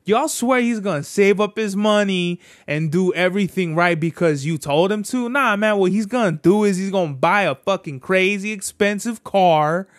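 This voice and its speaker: A man's voice: high-pitched, normal speed, hardly any pauses, no echo, studio quality. A man hosting a podcast in a casual, rambling monologue, full of slang and swearing. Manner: profane, slangy, rambling storyteller. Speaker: podcast host.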